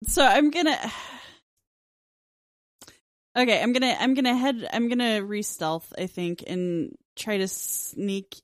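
A woman's voice: on the high side, takes it slowly, no echo, studio quality. A woman playing a tabletop game, speaking casually with giggles and hesitations. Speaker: player.

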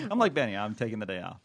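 A man co-hosting a loose, casual podcast, his voice sitting at an ordinary middle pitch. He jokes around, hesitates a lot and restarts his sentences. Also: sing-song, a bit bright, slightly rough. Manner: joking, halting with many fillers and restarts. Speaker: podcast co-host. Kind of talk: casual chat.

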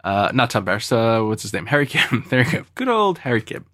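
A man's voice: medium pitch, very animated, a little fast, fairly bright tone, no echo. Podcast host guy, chatty and jokey, laughs a lot, dry close sound. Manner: joking, laughs often. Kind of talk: casual chat.

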